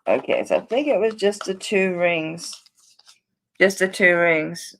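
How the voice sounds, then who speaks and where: A woman's voice: lowish voice, unhurried, gravelly, fairly bright tone. A woman selling jewelry on a live stream, chatting to viewers in a flustered, rambling way while she searches through orders.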